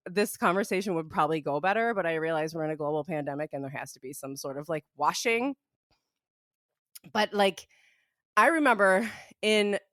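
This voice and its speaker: A young woman co-hosts a casual podcast, telling animated stories in a chatty way with lots of fillers and plenty of "like." Her medium-pitched voice has clean studio sound and no echo.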